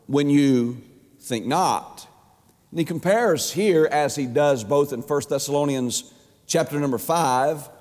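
Man, pastor, emphatic sermon, fairly high voice, long church reverb. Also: a little mellow. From Georgia, USA. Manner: emphatic preaching with drawn-out words and pitch swings.

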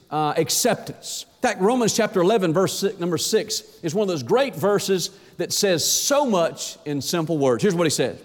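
A man's voice: high-pitched, in a large hall. A man preaching a sermon, emphatic and quoting scripture, asking the listeners rhetorical questions.

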